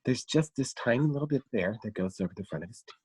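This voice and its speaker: A man's voice: medium pitch, husky, dry recording. A male comedian and voice actor, chatting casually as a podcast guest and breaking into impressions. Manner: animated, slips into quick impressions.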